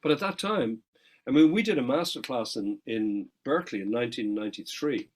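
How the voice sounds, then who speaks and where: Irish male guest, middle-aged, husky voice, animated storyteller who swears freely. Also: medium pitch, rough recording. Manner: animated anecdotes, quick asides and frequent swearing. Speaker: guest musician. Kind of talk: casual interview storytelling.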